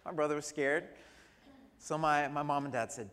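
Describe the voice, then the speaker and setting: Man, pastor, high voice, sermon, humorous storytelling, long hall reverb. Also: moderate pace, a bit bright, a little hiss or hum. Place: church sanctuary.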